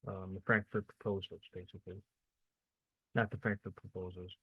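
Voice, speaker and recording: A young man talks through a history lesson in a loose, unscripted way, stumbling over words and correcting himself as he goes. His voice sits low and stays fairly flat in pitch. The recording is dry, with no room sound. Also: breathy edge, no echo, narrow, tinny audio. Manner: rambling and informal, many fillers and self-corrections, quick asides. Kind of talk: casual unscripted lecture.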